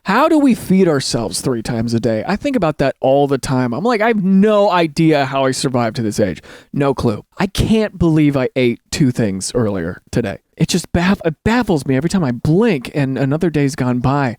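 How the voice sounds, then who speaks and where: A man hosting a show, reading online stories aloud and breaking into jokey, excitable commentary. He talks casually and keeps calling the listener dude. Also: mid-range voice, normal speed, hardly any pauses, no room sound, clean studio sound. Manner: excitable, jumps between reading and loud animated asides. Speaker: host.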